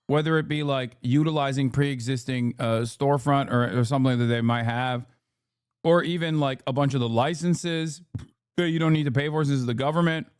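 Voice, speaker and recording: In clean, dry studio sound, a man with a mid-range voice speaks at a moderate pace. He's streaming reactions to news clips, chatting casually, swearing heavily and asking heated rhetorical questions.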